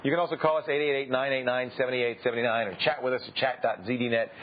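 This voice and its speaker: A man co-hosting a tech TV show, explaining things quickly and joking wryly in casual banter. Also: mid-range voice, steady tone. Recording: dull old TV broadcast with faint hiss.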